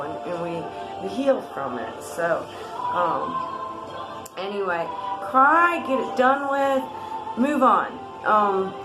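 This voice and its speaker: A woman guiding a tapping exercise in a gentle, rambling way, with many fillers and restarts. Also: medium pitch, echoey room, low-quality recording. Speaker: wellness guide.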